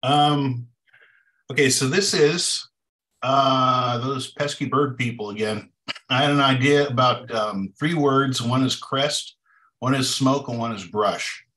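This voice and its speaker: A man's voice: medium pitch, takes it slowly, sharp tone. A man presenting his comic over a video call in a jokey, casual way. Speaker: workshop participant.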